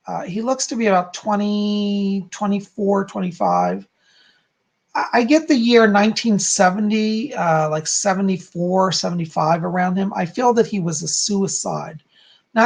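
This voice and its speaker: A man's voice: sits high, creaky. A man giving live psychic readings, chatting as he answers viewers one by one. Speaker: psychic medium.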